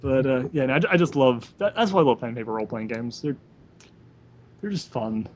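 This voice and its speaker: Animated man telling game stories. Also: medium pitch, fairly quick, slight background noise. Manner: animated storyteller, acts out characters' lines. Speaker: podcast co-host. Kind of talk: casual chat, telling tabletop game stories.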